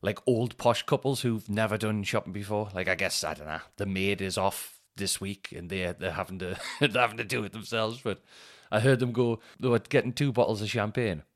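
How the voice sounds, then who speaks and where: Man, lower pitch, casual storytelling, swears a lot, laughs mid-story. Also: fairly quick. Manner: sweary, rambling, laughs through anecdotes. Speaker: podcast host.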